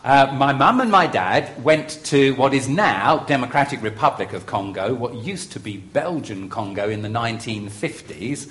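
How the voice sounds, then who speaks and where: A man preaching a sermon as pastor, measured and emphatic with deliberate pauses. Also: mid-range voice, lively intonation, a bit bright.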